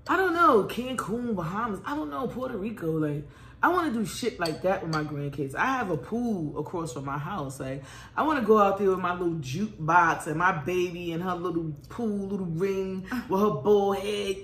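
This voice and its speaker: Over a home-cooked meal with her daughter, the host, a middle-aged guest swears freely and speaks candidly about being a mother. She has a fairly low, fairly bright voice with lively intonation at a normal speed; the room adds echo and faint background noise.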